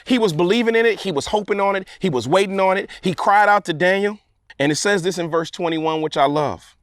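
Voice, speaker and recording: Lively high-voiced preaching man. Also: no room sound, clean studio sound. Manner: preaching with call-and-response repetition and dramatic pauses. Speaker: pastor. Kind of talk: sermon.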